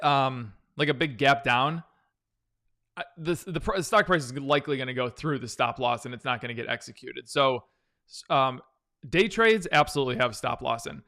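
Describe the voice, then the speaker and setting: On his live stock-trading stream, a male host chats casually through chart analysis and viewer questions, often restarting sentences. His medium-pitched voice is expressive, pushed and bright, at a moderate pace with frequent pauses.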